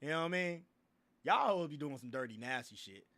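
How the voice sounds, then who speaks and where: Animated young man ranting on a livestream. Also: a little high, fairly quick. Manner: animated, profane, laughing, repeats filler phrases. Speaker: livestream host. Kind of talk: casual livestream rant.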